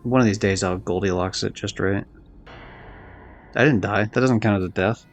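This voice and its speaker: A man's voice: lowish voice, normal speed, soft background music. A man streaming a video game live, chatting loosely and rambling, swearing now and then. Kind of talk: casual live-stream chat while gaming.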